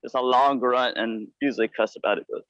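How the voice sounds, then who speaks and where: Fast, excitable man telling a story. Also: mid-range voice, no echo, dull audio. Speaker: caller. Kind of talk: casual storytelling on a live call. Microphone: headset.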